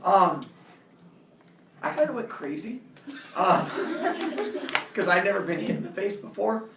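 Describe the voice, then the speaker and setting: Lively man telling a story in an echoey room. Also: sits high, slow, noisy background. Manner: animated, laughing, acts out quotes. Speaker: speaker telling a childhood story. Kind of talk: personal storytelling talk. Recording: roomy, distant camera audio.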